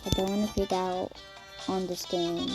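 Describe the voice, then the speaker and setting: A young woman commenting on her own gameplay, dramatic and mock-angry with quick outbursts. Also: fairly low pitch, little pitch movement. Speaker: gaming vlogger. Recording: game music behind voice.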